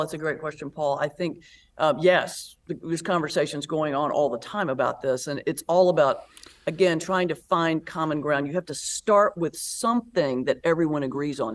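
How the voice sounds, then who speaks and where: Lively woman pastor telling stories. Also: sits low. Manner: lively storyteller who acts out quoted voices. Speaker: guest, pastor and comedian. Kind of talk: conversational interview.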